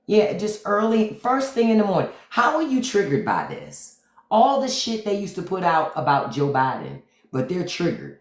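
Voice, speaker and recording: A middle-aged man running a casual livestream, talking bluntly and with plenty of swearing straight to his viewers. His voice sits at an ordinary middle pitch. The sound is picked up on a phone in a noticeably echoey room. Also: wildly swooping pitch, moderate pace. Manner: blunt, profane, talks straight to chat. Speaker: livestream host.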